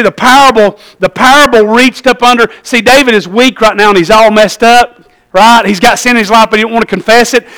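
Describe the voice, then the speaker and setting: A man preaching a sermon as pastor, shifting from low conversational asides to shouted, fervent passages. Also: rough recording.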